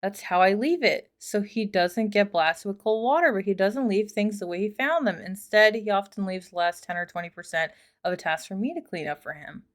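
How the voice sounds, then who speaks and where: A woman reads online stories aloud, then breaks off to comment. Her voice is middle-pitched and conversational. She swears freely and wanders into chatty asides. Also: animated, brisk. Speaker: host reading and reacting to online posts. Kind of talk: casual commentary and reading aloud.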